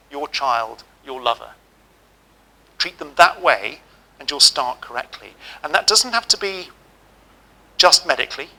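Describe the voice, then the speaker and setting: Bright-voiced man giving a speech. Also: fairly high pitch, creaky, poor audio. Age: middle-aged. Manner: storytelling, humorous, direct advice. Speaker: ceremony speaker. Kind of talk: ceremony address with anecdotes. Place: lecture hall.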